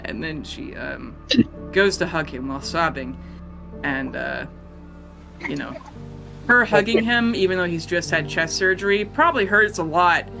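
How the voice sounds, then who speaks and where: A game master narrating a tabletop role-playing scene in a relaxed, rambling storytelling way. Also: mid-range voice. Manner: casual storytelling with fillers and laughs.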